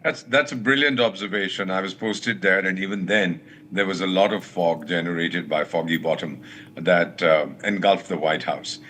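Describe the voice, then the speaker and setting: An older man, a former ambassador, speaking as a guest on a live TV news debate in a measured, formal way. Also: low-pitched, sharp tone, a little hiss or hum.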